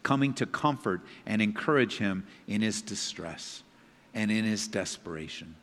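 A man preaching a sermon, swinging between loud emphatic passages and hushed, low scripture reading. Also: animated, normal speed. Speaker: pastor. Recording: long reverb of a large hall.

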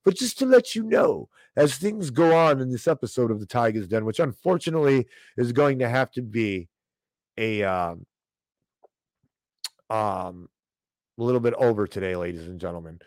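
Male host, casual stream commentary, animated rants at the chat, dry mic. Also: mid-range voice, normal speed, no echo. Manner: animated, ranting, talks straight to chat viewers. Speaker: host of a financial commentary show.

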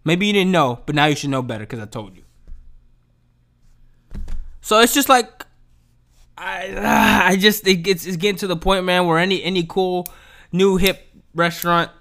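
A man's voice: sits high, moderate pace, pauses often, a bit bright. A man ranting casually and profanely, exasperated and full of slang.

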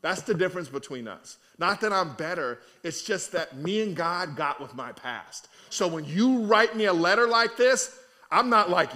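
A man preaching a conversational sermon in an animated, colloquial way. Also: sits high, moderate pace.

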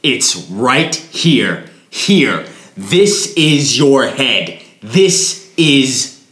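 A man's voice: medium pitch, sing-song, very slow, fairly bright tone, echoey room, full character voice. A man playing a short-tempered drunk friend who gives curt, swearing answers. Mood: exasperated. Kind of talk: audio drama acting.

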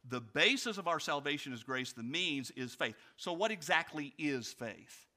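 A male pastor preaching a sermon, asking his congregation direct questions and swinging from loud storytelling to quiet reflection. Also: on the high side, moderate pace. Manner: animated storytelling, rising loud for anecdotes, dropping quiet for reflection.

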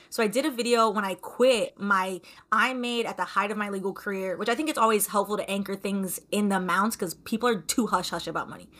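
Fast-talking bright young woman storyteller. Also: mid-range voice. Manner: animated, acts out quoted exchanges. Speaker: podcast guest, ex-lawyer YouTuber. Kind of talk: candid conversational storytelling.

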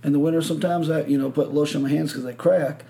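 A man's voice: on the high side, steady tone, very fast, creaky, warm tone. A man from Michigan hosting a podcast, telling a rambling story full of swearing and acted-out quotes. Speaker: podcast host. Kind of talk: casual chat.

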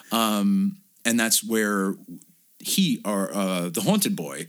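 Animated, swearing man, low voice. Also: slow. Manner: animated, swearing, acts out film scenes in exaggerated voices. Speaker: podcast co-host. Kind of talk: casual film review chat.

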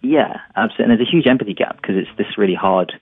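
A man speaking candidly as a listener responding to the show, explaining with quick restarts. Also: fairly low pitch, breathy edge, no room sound, soft background music. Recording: tinny phone line.

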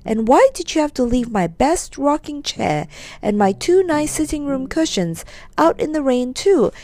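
A woman's voice: high-pitched, very animated, a little slow, a little mellow, voice pushed up. A woman doing a cross, scolding aunt. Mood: angry scolding. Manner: angry, nagging, sarcastic.

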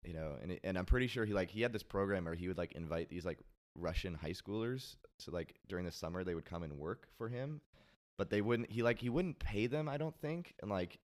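A man with a low, deep voice, chatting as a guest on a talk show. He rambles through his story with plenty of fillers and the odd swear word. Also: brisk. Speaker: podcast guest. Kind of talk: casual chat.

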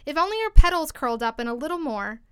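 Woman voicing a bossy, loud Tiger Lily. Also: high-pitched, sing-song, quick pace, no room sound, studio quality, pitched above the performer's own voice, exaggerated voice. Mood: haughty. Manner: loud, commanding. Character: proud, bossy, hot-tempered talking tiger lily flower.

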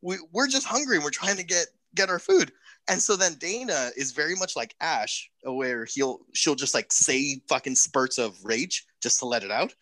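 A young man casually telling a profane, animated story on a podcast. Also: on the high side, normal speed, no room sound.

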